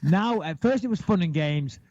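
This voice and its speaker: A man in his thirties chatting casually as a podcast co-host, blunt and animated, with plenty of swearing. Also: high-pitched, moderate pace, highs cut off. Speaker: podcast co-host, retired fighter. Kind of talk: casual chat.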